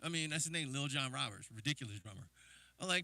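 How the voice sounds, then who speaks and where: A man's voice: medium pitch, animated, fast, creaky, sharp tone, no room sound. A man from New Jersey, a drummer hosting a livestream, telling casual, rambling stories with lots of fillers. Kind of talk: casual storytelling.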